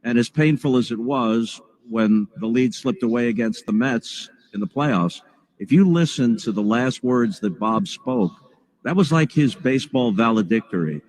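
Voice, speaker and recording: A man quietly remembering a departed broadcaster in a heartfelt, reflective way. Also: medium pitch, moderate pace, poor audio. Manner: soft-spoken, heartfelt.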